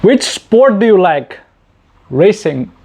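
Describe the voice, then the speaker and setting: A man's voice: sits high, big pitch swings, takes it slowly, warm tone, slightly rough. A young man from India hosting a casual Q&A for his channel, chatty and self-mocking, laughing often. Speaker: YouTube channel host. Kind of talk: casual Q&A chat.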